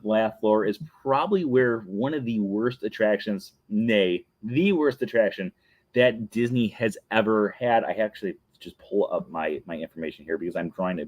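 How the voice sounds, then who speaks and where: A man in his thirties hosting a show, telling long casual anecdotes with frequent laughs and self-corrections. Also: lowish voice. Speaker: podcast host. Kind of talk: casual chat.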